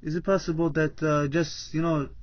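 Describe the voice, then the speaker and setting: A man's voice: on the high side, level tone, normal speed. A man giving a casual Torah class, retelling a parable in plain speech and acting out the characters, with frequent restarts. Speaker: Torah teacher. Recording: dull lo-fi recording.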